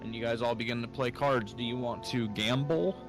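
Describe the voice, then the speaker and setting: A man's voice: medium pitch, fairly even intonation, fairly quick, music in the background. A man narrating as game master, easygoing and full of fillers.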